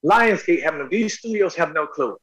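A middle-aged man with a fairly high voice tells stories from his acting career in an interview. He is emphatic and excitable, and his voice jumps up in pitch and volume when he acts out a moment. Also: moderate pace, muffled recording. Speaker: actor guest. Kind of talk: animated storytelling interview.

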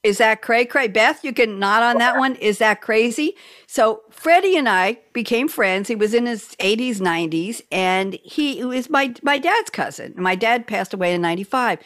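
A woman's voice: fairly high pitch, lively intonation, moderate pace, a bit bright, no echo, studio quality. A woman hosting a radio talk show over a video call, telling a story with emotion and laughter. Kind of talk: casual talk show chat.

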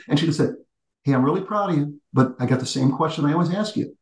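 A man in his sixties, an executive and teacher, telling stories in an animated conversational way with frequent restarts. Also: mid-range voice, very fast, reverberant, poor audio. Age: 60s. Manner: animated storyteller with frequent restarts, addresses the host by name. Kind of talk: conversational interview storytelling.

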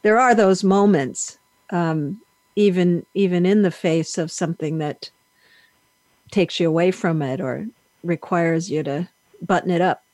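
A woman interviewer asking slow, reflective questions of an author. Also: lowish voice, a little mellow, no room sound.

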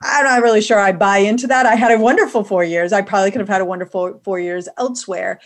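A woman's voice: medium pitch, fairly even intonation, fast. A woman hosting a podcast, asking friendly, long-winded questions in a casual interview. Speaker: podcast host.

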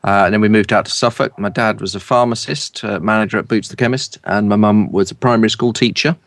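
A middle-aged man from East London with a polished southern English accent, a broadcaster and speaker coach telling lively anecdotes in an interview. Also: fairly low pitch, no echo, clean studio sound. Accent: standard southern English. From East London, England. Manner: lively, anecdotal, quick to laugh.

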